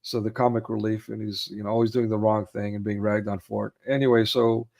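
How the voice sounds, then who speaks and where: Low and gravelly with a darkish tone, his voice comes out flat and fairly quick as he chats about movies. He retells favorite scenes, raising his voice to act out the quotes, laughing easily and filling gaps with plenty of fillers.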